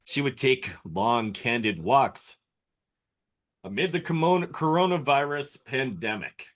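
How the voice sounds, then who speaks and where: Male comedy podcast co-host, mid-pitched, animated, hams up the storytelling. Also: slow. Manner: playful, dramatic storytelling. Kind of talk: casual comedy podcast banter.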